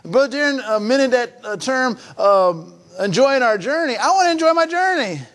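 An older man delivers a sermon in a high, tenor voice. He climbs into emphatic, raised passages and then drops to soft, near-confiding tones, often stumbling and repeating words as he goes. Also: animated, normal speed. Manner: swings between raised emphatic preaching and soft hushed confiding; repeats and restarts phrases. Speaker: pastor.

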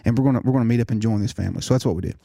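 Talking very fast with vocal fry, a middle-aged nurse practitioner shares an earnest personal testimony and keeps restarting his phrases. His mid-range voice is mellow, and the studio recording is clean and dry.

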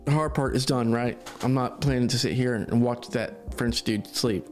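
A man's voice: medium pitch, moderate pace, a little mellow, faint music behind, lightly acted. A man reading the lines of a level-headed young man who turns sarcastic at times. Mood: calm. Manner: sensible, occasionally sarcastic.

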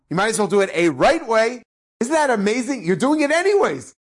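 A man voicing a gentle, reassuring elderly rabbi. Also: high-pitched, voice pushed up. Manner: warm, reassuring, emphatic.

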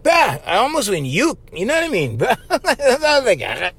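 A man with a Hawaiian Pidgin accent hosting his podcast, telling stories in a loose, laughing, animated way. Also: very high-pitched, normal speed, slightly rough. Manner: animated, laughs often, says bro constantly. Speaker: podcast host. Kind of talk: casual storytelling monologue.

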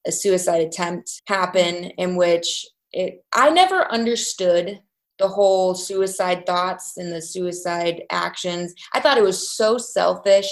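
A woman around thirty, telling her personal story as an interview guest in a candid, reflective way, halting at painful points. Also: mid-range voice.

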